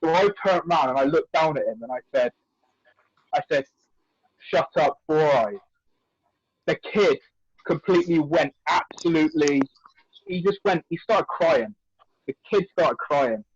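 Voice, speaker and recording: Male wrestler, animated anecdote teller, dry close lo-fi recording. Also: a little high, normal speed, slightly rough, no room sound. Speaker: wrestler guest. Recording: dry, dull lo-fi audio.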